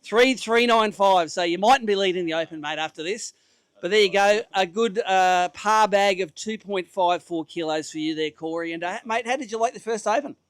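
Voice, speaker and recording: A man's voice: high-pitched, normal speed, a bit bright, clean tone, no room sound. An Australian man hosting a fishing tournament weigh-in outdoors, chatting upbeat with anglers and calling out weights. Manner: chatty, upbeat, says mate constantly. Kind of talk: live emcee banter and interviews. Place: outdoor weigh-in stage at a sailing club.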